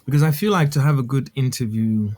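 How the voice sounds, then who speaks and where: A man's voice: mid-range voice, fast, darkish tone. A man chatting as a guest musician on a podcast, laid-back and candid, laughing easily. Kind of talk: casual podcast chat.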